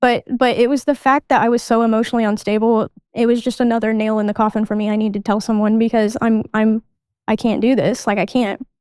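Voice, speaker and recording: A young adult woman, a podcast guest, recounting her life in a halting way, often restarting sentences and reenacting old conversations. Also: on the high side, level tone, darkish tone, clear, resonant tone, no echo. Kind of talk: candid personal storytelling.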